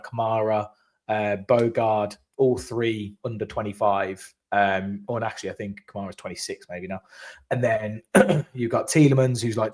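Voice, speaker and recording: A man's voice: mid-range voice, darkish tone. A man co-hosting a live post-match fan chat, talking casually and animatedly, with the odd swear. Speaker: fan channel co-host.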